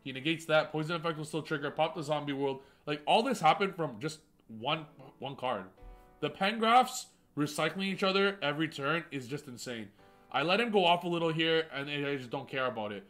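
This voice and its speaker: A man with a fairly high voice narrates card game replays as a channel host. He talks with boastful, hyped energy and mixes trash talk with self-mocking jokes. A quiet music bed plays underneath. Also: lively intonation, brisk.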